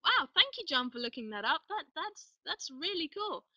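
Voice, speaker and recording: A woman hosting a live online show in a chatty, excitable way, rambling and restarting her sentences. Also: sits high, normal speed, no room sound, far from the mic, highs cut off. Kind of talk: casual live-stream chat.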